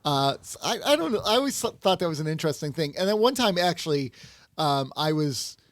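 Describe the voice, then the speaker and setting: A man's voice: fairly high pitch, very animated, fairly quick, dry recording. A man co-hosting a podcast in casual chat, joking and self-deprecating. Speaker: podcast co-host.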